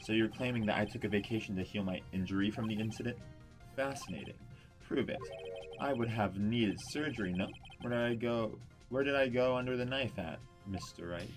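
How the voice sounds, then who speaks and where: A man's voice: fairly low pitch, fairly quick, lightly acted. A man voicing a proud, stern older prosecutor who talks down to others with scorn. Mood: scornful. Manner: haughty, scornful. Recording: voice over loud background music.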